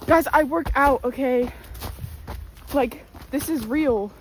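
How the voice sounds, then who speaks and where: A woman out of breath in deep snow narrates a casual vlog, taking it slowly while staying chatty, exclamatory, and self-mocking, her voice a bit rough. She's filmed on a tripod camera that's sometimes far off, so the outdoor recording is noisy with ambient sound around her.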